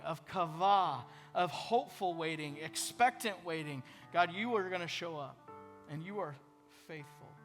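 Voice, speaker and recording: Male pastor, high bright voice, earnest conversational sermon, faint music bed. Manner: earnest, conversational preaching with prayerful asides.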